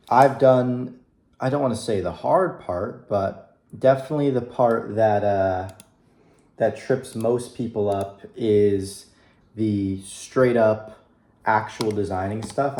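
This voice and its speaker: A young man with a fairly low voice talks straight to his viewers, upbeat and a little rambling, with lots of fillers. His room is echoey, and he sits at his computer with keys clicking now and then. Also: warm tone. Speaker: vlogger. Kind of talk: casual video diary.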